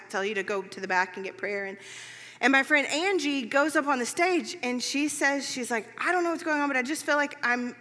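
A woman preaching in a relaxed, storytelling way. Her voice sits high and sounds bright and clear. A long hall reverb trails behind her words. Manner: conversational storytelling, lively, many fillers. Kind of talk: sermon.

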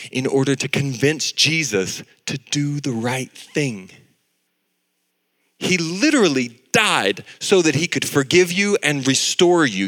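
A man in his thirties preaching a sermon, telling a family story with lively acted-out voices. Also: a little high. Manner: animated storytelling, acting out voices. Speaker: pastor.

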